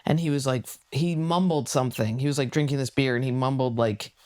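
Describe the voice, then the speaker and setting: A woman's voice: a bass voice, fairly quick, a little mellow. A young woman comedian telling stories in a casual podcast chat, swearing freely and acting out other people's voices. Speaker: comedian guest.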